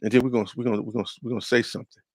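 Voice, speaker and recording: A man leading a casual scripture discussion, moving from loud emphatic verse reading to low, slangy asides and repeating words for emphasis. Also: little pitch movement, rapid-fire, no echo. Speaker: podcast co-host leading a scripture study.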